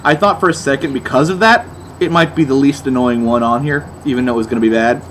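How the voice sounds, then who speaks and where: A man's voice: medium pitch, fast, a bit bright, a little hiss or hum. A young man giving a sarcastic, exasperated album review, mocking as he goes.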